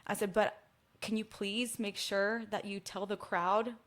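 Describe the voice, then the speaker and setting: Animated Texan woman telling a story. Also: mid-range voice, measured pace. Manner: animated storytelling, acts out quoted dialogue. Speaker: guest musician. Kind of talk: casual chat.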